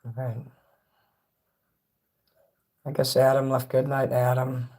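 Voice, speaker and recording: This livestreamer talks slowly in a monotone, mid-range voice with a darkish tone, rambling and cursing as he addresses his chat directly in loose, casual conversation captured on a phone mic.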